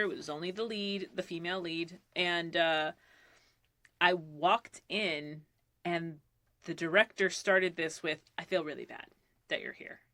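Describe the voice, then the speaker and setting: A woman's voice: on the low side, sharp tone, dry recording. A woman voice actor chatting casually on a podcast, telling a story and acting out the quoted lines, with some swearing. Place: recording booth. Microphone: studio mic.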